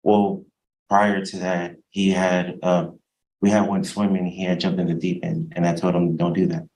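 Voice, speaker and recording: A man testifying as a defendant in court, hesitant and soft-spoken, halting over his words. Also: low-pitched, little pitch movement, slight background noise, poor audio.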